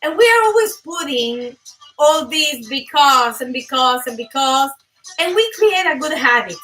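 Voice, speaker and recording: Bright high-voiced animated woman host. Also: measured pace, distant mic, faint music behind, low-quality recording. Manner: animated, emphatic, laughs often. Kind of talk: live motivational talk show.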